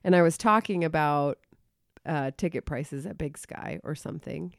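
Low-voiced woman, opinionated podcast chat. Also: normal speed, gravelly, no echo, clean studio sound. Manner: opinionated, animated, laughs often. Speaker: podcast co-host. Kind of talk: casual chat reviewing an old radio show.

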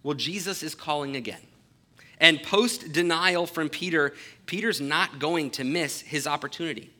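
Pitched slightly higher than most men, a man's bright and forceful voice carries an earnest sermon. He reads a scripture passage aloud and then explains it, leaning on key phrases and slowing down for emphasis.

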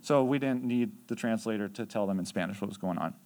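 A man's voice: fairly low pitch, fairly quick, darkish tone. A man leading youth mission trips tells stories in a casual, conversational way, full of fillers. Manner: conversational, chatty with many fillers. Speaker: youth mission trip leader. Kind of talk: casual storytelling.

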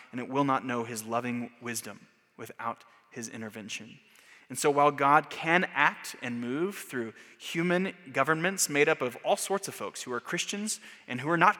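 Guy giving a sermon, bright ringing voice, long hall echo. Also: mid-range voice. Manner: earnest, rising to emphatic rhetorical questions. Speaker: pastor.

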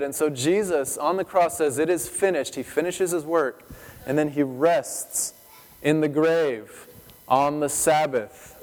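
A man preaching a sermon, retelling scripture as a lively story full of rhetorical questions. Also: fairly high pitch, big-room sound, poor audio. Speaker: pastor.

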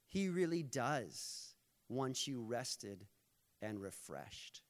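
A male pastor giving a sermon in a relaxed, conversational way. He jokes easily with the room and turns earnest when he makes his point, and his voice sits at an ordinary male pitch. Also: very slow.

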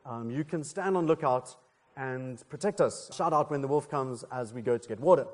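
A man's voice: mid-range voice, moderate pace, darkish tone, voice pushed down, natural voice. Papa Smurf, a man doing an elderly leader. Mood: addressing. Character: elderly male Smurf leader, fatherly, steady.

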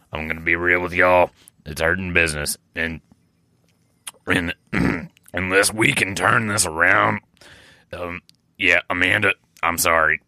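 A man voicing a drunk, rambling male beer company boss who keeps clearing his throat and apologizing. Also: low voice, sharp tone, dry recording, studio quality, exaggerated voice. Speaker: podcast co-host doing improv. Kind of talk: improvised comedy character.

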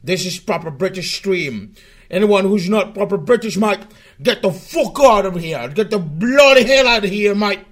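A man putting on a boastful, crude British bloke who is loud and exaggerated and keeps tacking "mate" onto his lines. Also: high-pitched, expressive, normal speed, voice pushed up. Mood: boisterous. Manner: exaggerated, shouty, repeats "mate".

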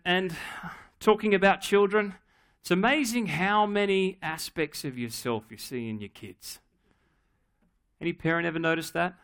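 A middle-aged man preaching a sermon, telling a family story in a relaxed, humorous, conversational way. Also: mid-range voice, clean tone. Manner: acts out his daughter's voice in quotes. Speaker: pastor.

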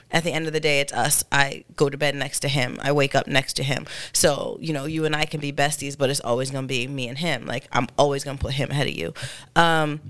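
A woman's voice: sits low, a bit bright, clean tone. A woman in her thirties co-hosting a podcast, talking candidly and chattily, a little congested. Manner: candid, chatty, fond of fillers. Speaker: podcast co-host. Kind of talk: casual chat.

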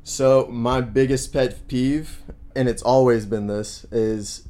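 A man from the United States co-hosting a podcast, talking in a relaxed, conversational way and explaining things plainly. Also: mid-range voice, slow. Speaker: podcast co-host. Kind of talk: casual chat. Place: Santiago, Chile.

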